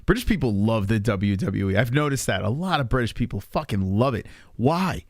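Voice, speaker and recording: A man's voice: fairly low pitch, lively intonation, a little fast, dry recording, studio quality. A man streaming and reacting to videos in casual chat, blunt and swearing often as he talks to his viewers.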